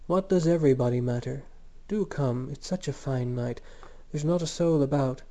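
A man reading a storybook, voicing a smooth young man who drawls and teases, insistent and mocking. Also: medium pitch, moderate pace, warm tone, close to an everyday voice. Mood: teasing, coaxing. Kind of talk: audiobook character voice.

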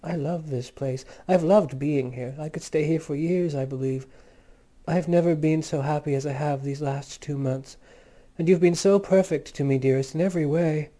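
A man reading aloud, voicing a wistful, tender young woman who speaks softly and quietly. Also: on the high side, moderate pace, natural voice. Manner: soft and hushed. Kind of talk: audiobook reading.

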